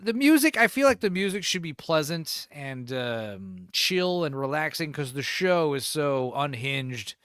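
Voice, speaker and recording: A man's voice: a little high, sing-song, a little slow, hardly any pauses, fairly bright tone, clear, resonant tone, dry recording, studio quality. A man co-hosting a podcast in casual chat, rambling and cursing as he acts out quotes in different voices. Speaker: podcast co-host.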